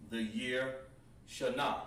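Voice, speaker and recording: A man teaching a livestreamed Hebrew language class, slowly drilling words with lots of repetition. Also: medium pitch, fairly even intonation. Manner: slow, repetitive, drawn-out pronunciation drills. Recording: roomy echo, distant mic, faint background noise.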